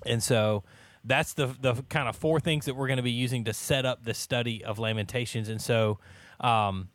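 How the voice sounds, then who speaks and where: Man, 30s, laid-back Bible study leader, jokey, laughs a lot, mid pitch. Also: normal speed, a bit bright. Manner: joking, laughs often, many restarts. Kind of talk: casual church Bible study chat.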